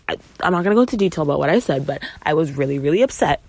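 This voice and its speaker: Young woman, low voice, dry close sound, casual emphatic storytelling, swears, acts out dialogue. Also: lively intonation, very fast, creaky, darkish tone, no room sound. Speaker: podcast host.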